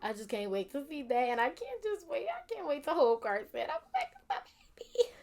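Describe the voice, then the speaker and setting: A woman's voice: high-pitched, huge pitch swings, fairly quick, a little mellow. Young woman, casual vlog chat, rambling, lots of fillers. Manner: rambling, many "like" and "you know" fillers. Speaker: vlogger.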